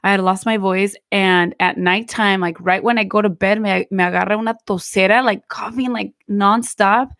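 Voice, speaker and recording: A Mexican-American woman hosting a casual podcast, drifting between English and Spanish in a relaxed, chatty way. She sounds tired, her voice still recovering. The recording is dry and close. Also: medium pitch, moderate pace, vocal fry, hardly any pauses, no echo. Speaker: podcast host.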